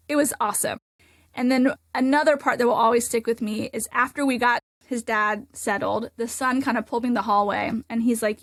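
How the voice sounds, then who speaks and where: High-voiced chatty woman nurse host. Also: a little fast, dry recording, clean studio sound. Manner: animated, chatty, many "like" fillers. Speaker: ICU nurse and podcast host. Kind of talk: casual storytelling in a podcast chat.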